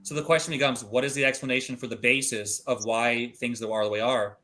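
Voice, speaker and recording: A man's voice: mid-range voice, steady tone, brisk, bright, forceful tone. A man hosts an online debate, steering the talk and giving each guest the floor. His delivery is loose and informal, with a mid-range voice. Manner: directs turns, loose and informal. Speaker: debate moderator and host. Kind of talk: moderating an online discussion.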